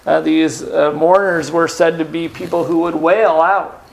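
A male pastor delivering a sermon with a fairly high voice that has a gravelly, creaky edge. He speaks earnestly, slipping in "uh" and rhetorical questions as he goes. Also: level tone, a little slow.

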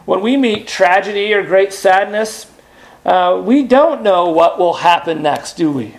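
A man preaching a sermon in an earnest, unhurried way, pausing with "uh" and asking rhetorical questions. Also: sits high, creaky. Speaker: pastor.

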